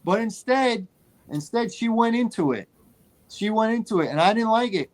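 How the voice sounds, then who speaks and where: Animated man telling a story. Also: high-pitched, moderate pace. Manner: animated storyteller, repeats phrases for emphasis. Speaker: podcast co-host. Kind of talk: casual movie chat.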